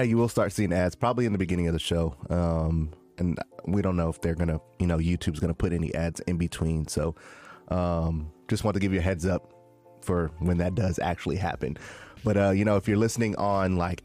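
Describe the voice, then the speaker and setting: Guy with a really low voice hosting a podcast, chill and rambly, bit of music behind. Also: a little mellow. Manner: laid-back, rambling with fillers. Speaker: podcast host. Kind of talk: casual podcast chat.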